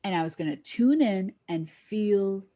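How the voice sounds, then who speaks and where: A middle-aged woman guest telling a lively story in a podcast interview, acting out the voices of the people she quotes. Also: measured pace. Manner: animated, acts out quoted voices with big pitch jumps.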